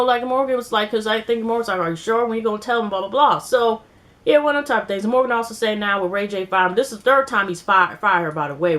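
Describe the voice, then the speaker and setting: A woman casually recapping a reality TV episode, rambling and animated, acting out quotes and swearing freely. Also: on the high side. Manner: rambling, animated retelling with quoted voices and profanity. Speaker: TV recap vlogger.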